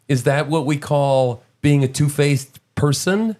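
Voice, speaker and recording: A man's voice: fairly high pitch, unhurried, darkish tone. A man hosting a podcast in a casual, sarcastic, incredulous commentary style. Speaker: podcast host.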